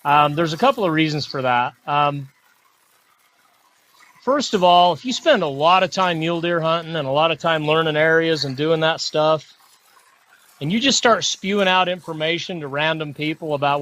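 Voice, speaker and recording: A man's voice: on the high side, normal speed, sharp tone. A middle-aged man talking casually on a podcast as a guest, rambling and repeating himself. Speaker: mule deer hunting guest.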